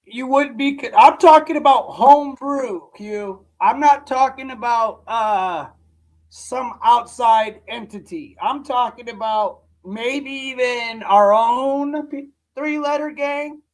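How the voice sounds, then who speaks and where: A hoarse man hosting a live reaction stream, rambling in casual commentary and calling his viewers "dude". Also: very high voice, slow pace, low-quality recording. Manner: rambling, repeats himself, says "dude" often. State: hoarse, voice nearly gone.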